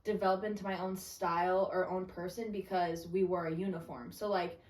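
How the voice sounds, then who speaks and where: A woman's voice: lowish voice, little pitch movement, brisk, a little mellow. A young woman in her twenties, a podcast guest, talking casually and rambling with restarts and lots of "like.". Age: 20s. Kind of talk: casual chat. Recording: roomy echo.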